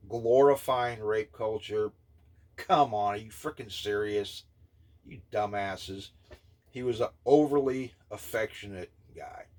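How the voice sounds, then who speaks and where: A man in his fifties giving an indignant, scornful opinion rant, blunt and halting, with many filler pauses. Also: lowish voice. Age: 50s. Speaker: vlogger.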